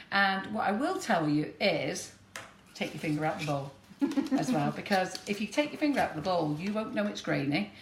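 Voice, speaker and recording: Warm and chatty, this northern English woman laughs a lot as she talks through a live baking demonstration. Her pitch is fairly low, and the kitchen recording sounds roomy with noise in the background.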